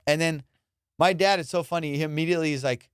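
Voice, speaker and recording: Profane, animated comedian storyteller. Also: male voice, fast, clean tone, no room sound. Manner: profane, animated, acts out quotes with loud high jumps. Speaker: comedian podcast host. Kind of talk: casual storytelling monologue.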